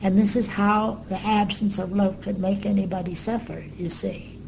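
An older woman being interviewed, recounting her memories in an earnest, reflective way with pauses and fillers. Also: medium pitch, fairly even intonation, vocal fry, background noise.

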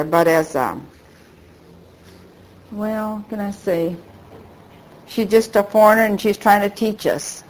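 A woman's voice: mid-range voice, a little mellow, rough recording. An older woman whose first language is Japanese, rambling through a remembered story in an oral history interview and acting out the dialogue. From United States.

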